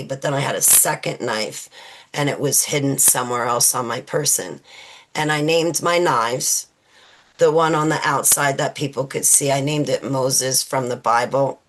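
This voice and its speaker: A woman in her forties, a guest in an interview, recounting personal memories in a halting way with many fillers and restarts. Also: sits low.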